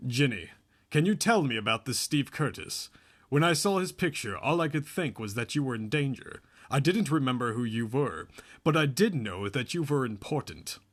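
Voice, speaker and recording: A man's voice: mid-range voice, lively intonation, moderate pace, close to an everyday voice. A man reading as a troubled young Amish man.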